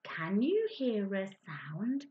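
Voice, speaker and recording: A woman teaches small children, speaking slowly and in an exaggerated, encouraging way, with hushed asides to her audience. Her fairly high voice swoops up and down with great liveliness. The recording sounds dull and muffled. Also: big pitch swings. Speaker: teacher presenting to young children. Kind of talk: children's maths lesson with a puppet.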